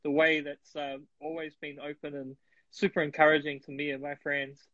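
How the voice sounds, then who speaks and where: A man's voice: on the high side, little pitch movement, normal speed, pushed and bright, dry recording. A male host wrapping up a casual chat, friendly and thankful, calling his guest bro and man. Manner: friendly, grateful, says bro and man a lot. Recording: dull, dry lo-fi recording.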